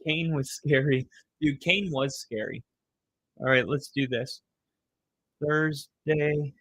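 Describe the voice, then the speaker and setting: A man's voice: a little high, steady tone, slow pace, a bit bright, dry recording. A young man live streaming, chatting casually with viewers, rambling and swearing as he reads the chat.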